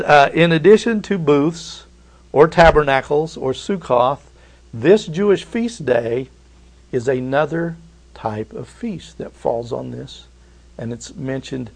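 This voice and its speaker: A man's voice: medium pitch, vocal fry. A middle-aged man preaching a prophecy sermon, emphatic and repetitive, with rhetorical questions and folksy asides.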